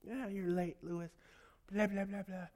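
A man putting on the voice of a short, rude customer who is yelling at a delivery driver. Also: high-pitched, level tone, normal speed, voice pushed up. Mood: angry. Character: short, rude, angry male customer barking orders. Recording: long hall reverb.

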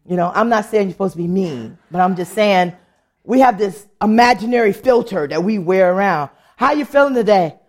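A woman sharing a humorous personal testimony in church, telling stories in an animated way and laughing often. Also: mid-range voice, fairly quick.

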